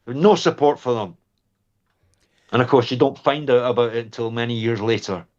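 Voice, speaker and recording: A man's voice: medium pitch, fairly even intonation, a little fast. Man, 60s, veteran guest, close to tears, impassioned, muffled lo-fi audio. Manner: impassioned, choked up, dwelling on lost comrades. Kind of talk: emotional interview.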